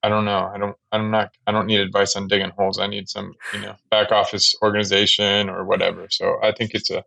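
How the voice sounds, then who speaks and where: A man's voice: fairly low pitch, level tone, quick pace, gravelly, pushed and bright, low-quality recording. A man hosting a podcast, asking questions in a rambling way and often restarting his sentences. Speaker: podcast host. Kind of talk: casual interview chat.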